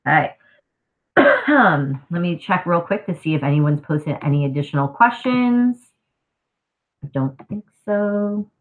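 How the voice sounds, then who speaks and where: A woman's voice: fairly low pitch, very animated, unhurried, pauses often. A woman history teacher with a scratchy throat, giving a casual, conversational live review lesson. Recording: tinny phone-like audio.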